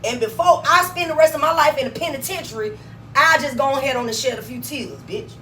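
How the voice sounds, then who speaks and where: Loud profane woman ranting into a phone. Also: high-pitched, fairly quick, recorded from a distance, slight background noise, poor audio. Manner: blunt, swearing, swings between mutters and loud bursts. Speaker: vlogger. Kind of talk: profane rant to camera.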